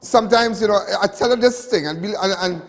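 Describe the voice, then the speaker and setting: A man's voice: high voice, a little fast, big-room sound. Chatty Trinidadian male talk show host. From Trinidad and Tobago. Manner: chatty, repetitive, with many restarts and asides. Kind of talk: live TV talk show monologue.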